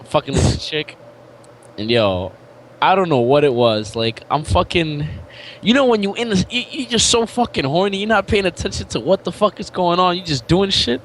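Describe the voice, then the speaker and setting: A man's voice: high-pitched, moderate pace, a bit bright, slight background noise. A male podcast guest in casual banter, joking crudely.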